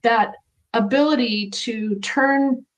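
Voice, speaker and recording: Woman, middle-aged, interview guest, earnest, reflective, slightly high voice, conversational. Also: takes it slowly, poor audio. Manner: earnest, reflective, speaks from personal experience.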